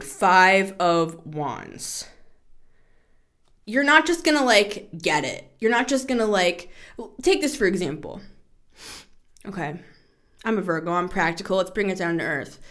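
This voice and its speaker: A woman in her thirties hosting a casual tarot reading show, chatty and animated, laughing often and swearing freely. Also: mid-range voice. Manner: animated, shifts into playful voices. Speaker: tarot podcast host.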